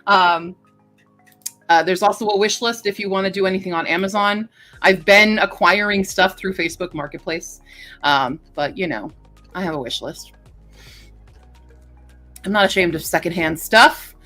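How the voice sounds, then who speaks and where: A woman livestreamer chatting casually with her viewers, rambling and filling pauses with lots of ums and uhs. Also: medium pitch, fairly bright tone, soft background music. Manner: chatty and rambling, with many fillers. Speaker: livestreamer greeting chat. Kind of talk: casual live-stream chat.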